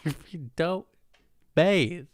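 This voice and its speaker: Speaking extremely slowly in a voice on the high side, this male podcast host delivers a loose comedic monologue full of mockery and swearing, often cracking himself up. There's no room sound on his podcast mic.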